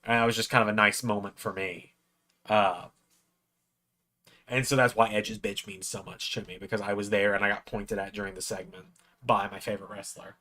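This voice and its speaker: A man's voice: lowish voice, level tone, fairly quick, bright, forceful tone. A man hosting a watch-along, telling a long personal story in a casual, rambling way from a room at home. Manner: rambling anecdote, acts out quoted lines in a raised voice.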